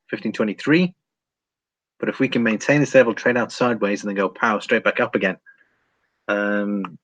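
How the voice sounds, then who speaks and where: A man's voice: fairly low pitch, fairly bright tone, breathy edge, low-quality recording. A man from England hosting a precious metals livestream, chatting casually with many ums and reading out viewer comments. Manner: rambling, many ums, chuckles often.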